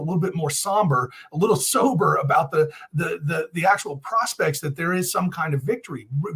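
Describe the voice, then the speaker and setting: Husky guy ranting, blunt and fired up, kinda higher voice. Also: a bit bright. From United States. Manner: emphatic, blunt and impassioned. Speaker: guest commentator. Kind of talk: interview commentary.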